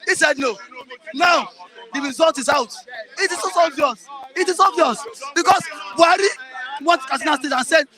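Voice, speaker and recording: A Nigerian man arguing politics forcefully, talking over others and repeating himself. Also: extremely high pitch, fairly quick, crowd noise. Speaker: interviewee. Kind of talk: heated political argument.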